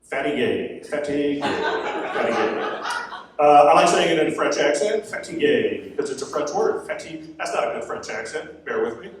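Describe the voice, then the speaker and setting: A man's voice: on the high side, sing-song, normal speed, slight background noise. A man in his forties doing a stand-up comedy set on stage, chatty and self-mocking with rambling asides. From Florida. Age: 40s. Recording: roomy venue sound from a distance. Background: audience laughter.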